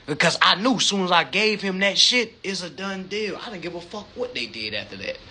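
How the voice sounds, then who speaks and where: A man talking casually and profanely on a livestream, animated and acting out phone calls. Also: high-pitched, a little fast, slightly rough. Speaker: social media live host.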